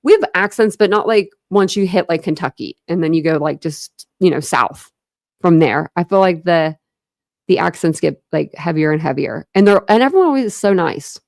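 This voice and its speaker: Chatty low-voiced woman streaming from home. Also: expressive, normal speed, creaky, a little mellow, dry recording, clean studio sound. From Ohio. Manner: rambling, chatty, many fillers and restarts. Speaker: true crime channel host. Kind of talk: casual livestream chat with viewers.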